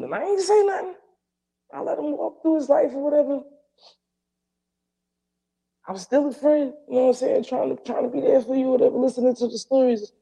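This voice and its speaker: A man hosting a podcast, telling a story in a casual, profane and animated way and acting out the dialogue. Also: extremely high pitch, vocal fry, breathy edge. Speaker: podcast host.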